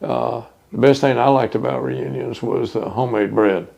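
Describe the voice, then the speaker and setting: An older man from Texas, recalling his hometown in an oral history interview, unhurried and full of fillers. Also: mid-range voice, steady tone, gravelly, darkish tone. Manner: reminiscing, unhurried with many fillers.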